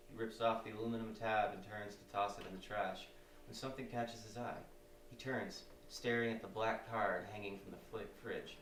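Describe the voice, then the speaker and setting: A man narrating the stage directions at a live script reading, with a steady, descriptive delivery. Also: fairly low pitch. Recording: roomy stage sound from far off, faint noise.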